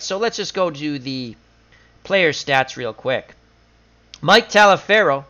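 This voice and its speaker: A man narrates his simulated football game in a loose, chatty stream style, reeling off scores, player names and stats. His voice is bright and tense, a bit higher than most men's. The sound is dull and lo-fi. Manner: chatty, recaps stats in quick lists, laughs at his own losses. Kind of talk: casual stream commentary.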